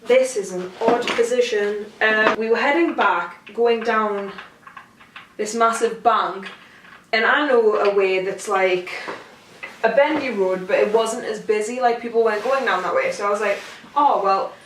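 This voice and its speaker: Unhurried and fairly bright, with a medium pitch, this young woman's voice has slight background noise behind it. She's a vlogger at home rambling through a self-mocking story to camera, captured by a distant mic that sounds roomy.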